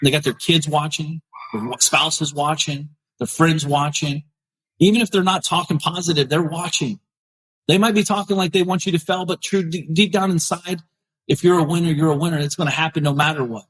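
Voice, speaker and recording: A man's voice: a little high, steady tone, fairly quick, a bit bright, breathy edge, low-quality recording. A middle-aged man hosting a podcast, giving blunt, fired-up motivational talk and repeating phrases for emphasis. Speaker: podcast host. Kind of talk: motivational live talk, reading viewer comments.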